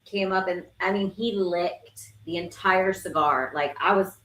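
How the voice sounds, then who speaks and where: Brief: female guest, low-pitched, off-mic and echoey, emphatic storyteller. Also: measured pace, fairly bright tone. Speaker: cigar company partner, guest. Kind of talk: casual chat.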